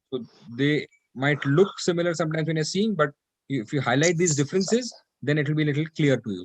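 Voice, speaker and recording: Male teacher, fairly high voice, patient and explanatory, dry video-call sound. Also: no room sound, rough recording. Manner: patient, explanatory, drills phrases aloud. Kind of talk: online Quranic Arabic class.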